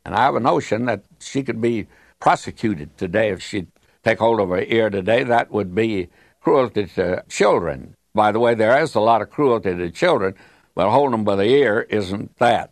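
A man's voice: on the low side, expressive, normal speed, creaky, dry recording, clean studio sound. Folksy male radio Bible teacher. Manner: folksy storytelling, digressive.

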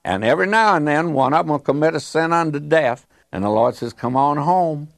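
A man's voice: a little high, expressive, fast, creaky, no echo, studio quality. Folksy male radio Bible teacher. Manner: folksy storytelling, digressive.

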